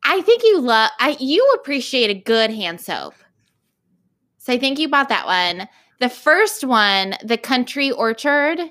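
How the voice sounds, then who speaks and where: A woman's voice: a little high, big pitch swings, unhurried, bright, forceful tone. A woman co-hosting a podcast in casual, chatty talk, laughing easily. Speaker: podcast co-host. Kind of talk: casual chat.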